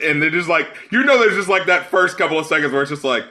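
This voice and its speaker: A man co-hosting a podcast in casual chat, heated and profane, his voice climbing into shouts when angry. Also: high-pitched, lively intonation, brisk, hardly any pauses. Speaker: podcast co-host.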